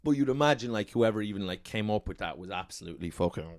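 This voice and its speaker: A man, co-hosting a podcast with dry, profane, low-key quips, recorded in a shed. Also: lively intonation, quick pace, no echo. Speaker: podcast co-host. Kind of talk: casual chat. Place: garden shed studio.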